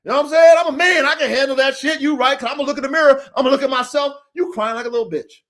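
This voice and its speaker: High-voiced man preaching on a podcast. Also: steady tone, racing. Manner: profane, preachy, swings from low mutters to shouts. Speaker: podcast host. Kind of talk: motivational podcast monologue.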